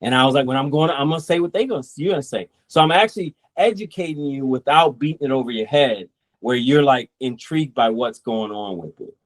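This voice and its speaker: A man's voice: medium pitch, fairly quick. A man who created a comic book, talking casually in an interview and acting out what people say as he goes. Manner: relaxed, rambling, quotes people in asides.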